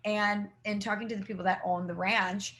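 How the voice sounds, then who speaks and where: A woman's voice: mid-range voice, normal speed. Woman co-host telling stories. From St. Louis, Midwest US. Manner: animated storytelling with acted-out quotes. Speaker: podcast co-host. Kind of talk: casual chat.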